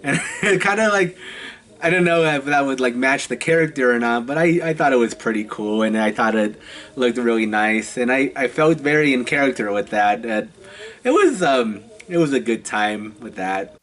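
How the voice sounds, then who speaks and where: A man in his twenties telling stories in a casual vlog, chatty and halting, often laughing between phrases. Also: medium pitch, animated, fairly bright tone. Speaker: vlogger.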